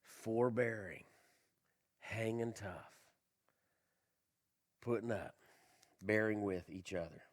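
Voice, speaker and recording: A male pastor preaching a sermon, asking the congregation questions and swinging between loud emphasis and quiet low lines, with a slight cough. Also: takes it slowly, long pauses. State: slight cough, tickle in throat. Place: church.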